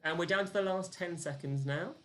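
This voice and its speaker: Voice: medium pitch, brisk, fairly bright tone, faint music behind. A live-streamed quiz host, chatty and self-deprecating, counting down the clock and reading out the answers and the leaderboard.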